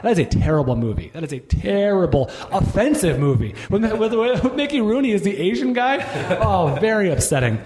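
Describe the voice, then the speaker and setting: A man's voice: high voice, very animated, a little fast, hardly any pauses, a little mellow. A man in his forties hosting a casual podcast, rambling with many restarts and asides. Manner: rambling, self-interrupting, lots of restarts. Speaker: podcast host. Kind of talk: casual chat.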